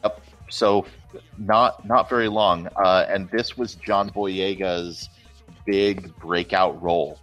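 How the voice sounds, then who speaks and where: A man with a very low voice talks movies in a relaxed, rambling co-host chat, full of enthusiastic restarts. Faint music plays behind him. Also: slow pace.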